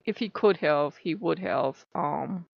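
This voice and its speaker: A woman hosting her own channel, telling a personal story in a casual, animated way as she vents. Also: low voice, takes it slowly, creaky, no echo. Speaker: channel host. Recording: dull, lo-fi dry recording.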